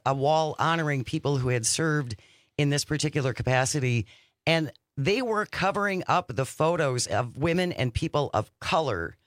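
A man's voice: a little high, a bit bright, dry recording, clean studio sound. A man hosting a talk radio show, talking in a conversational way and turning to the listeners for station breaks. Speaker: radio host.

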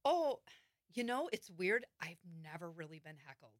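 A woman's voice: lowish voice, big pitch swings, normal speed, no room sound, clean studio sound. A woman with a Wisconsin accent, a comedian and guest, talking easily in casual chat with frequent ums.

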